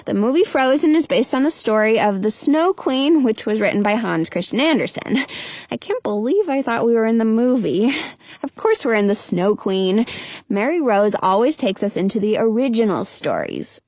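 A woman narrating a first-person children's story aloud, expressive and quick to burst into excited exclamations. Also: on the high side, no echo. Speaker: audiobook narrator.

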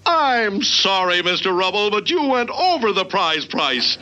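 Smarmy cartoon game show host. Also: male voice, sits high, very animated, unhurried, lo-fi sound, background noise. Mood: showy. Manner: showy announcer patter, chuckling.

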